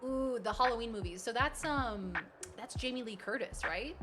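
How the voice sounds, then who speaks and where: A woman's voice: a little high, expressive, normal speed, over music. A woman streaming a game, chatting casually with viewers and reading the game's text aloud.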